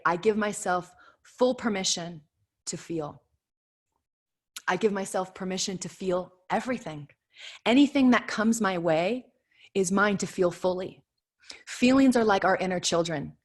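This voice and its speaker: On a home video call, a woman in her thirties leads an online prayer circle with an earnest, inspirational spiritual talk. Her voice sits at medium pitch, and she repeats affirmations with emphasis.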